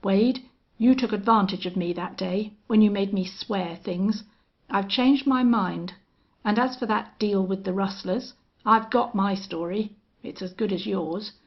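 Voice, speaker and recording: A woman's voice: medium pitch, unhurried, lo-fi sound. A woman reading an audiobook western voices a cowardly, blustering young ranch heir who stammers in panic. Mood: defiant.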